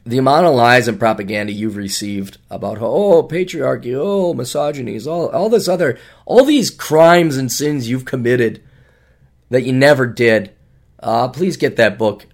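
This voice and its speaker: A middle-aged man hosting a solo podcast, talking in a sarcastic, rambling way with big jumps in pitch for emphasis. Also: lively intonation, moderate pace, creaky. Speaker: podcast host.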